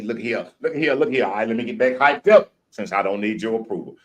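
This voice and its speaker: A man's voice: lowish voice, lively intonation. A man from Louisiana, hosting a live stream show in folksy country talk. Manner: hyped chanting intro, drawn-out shouting. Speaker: podcast host.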